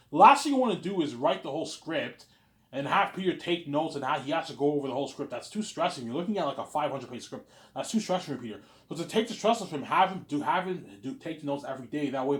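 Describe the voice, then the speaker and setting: In a loose, rambling monologue, a male host daydreams about planning a film, leaning on "obviously" and pleading with emphasis. His voice sits in the mid range with a fairly bright tone.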